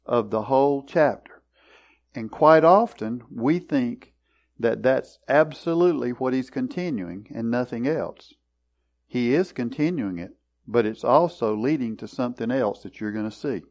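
A man leading a Bible study, explaining verses in a deliberate, explanatory way and clearing his throat often. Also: mid-range voice, expressive, a little mellow. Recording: dull lo-fi recording.

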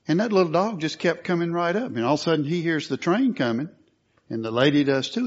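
A man preaching a sermon, earnest and at times forceful, on a dull lo-fi recording. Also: a little high, animated, brisk. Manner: earnest, rising to forceful emphasis.

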